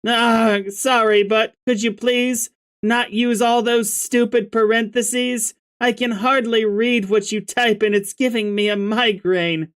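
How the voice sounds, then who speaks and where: A man's voice: fairly even intonation, slow, a bit bright, clean tone, full character voice. A man voicing a jittery, irritable teenage girl in a strained, exasperated voice. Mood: annoyed. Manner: high, strained, exasperated delivery. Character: jittery, irritable teen girl, quick to snap.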